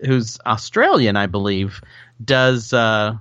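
A man with a bright, forceful tone co-hosts a podcast, thinking aloud in loose casual chat. His voice is recorded dry and a little dull and lo-fi, with the top end muffled. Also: lowish voice, expressive, slow, clean tone, dry recording. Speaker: podcast co-host. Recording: dry, slightly muffled lo-fi sound.

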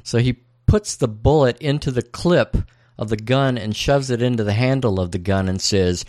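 A man's voice: mid-range voice, normal speed, a little mellow, no echo, clean studio sound. Laid-back, profane man recapping. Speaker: podcast host. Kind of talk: casual chat, recapping a TV episode.

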